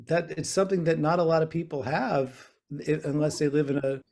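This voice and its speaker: A man with a slightly high voice chats loosely over a video call from a small bedroom. He rambles in an easygoing way, circling back with fillers and restarts. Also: brisk, a little mellow. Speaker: guest guitarist.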